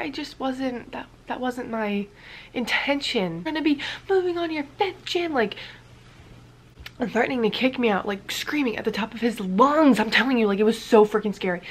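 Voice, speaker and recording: A woman's voice: fairly high pitch, a little hiss or hum. A woman vlogger telling a casual story-time tale, rambling with many fillers and dipping into whispers now and then.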